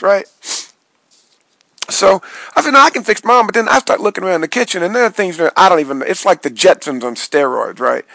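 Excitable gravelly man telling a wild dream. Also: no echo, poor audio. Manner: excitable, swoops into high yelps and low mutters. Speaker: vlogger recounting a dream. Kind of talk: animated storytelling monologue.

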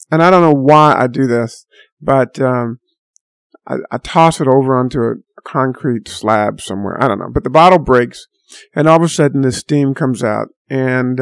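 A man's voice: medium pitch, gravelly, no echo, studio quality. A man telling a story in a casual, rambling monologue, full of fillers and restarts.

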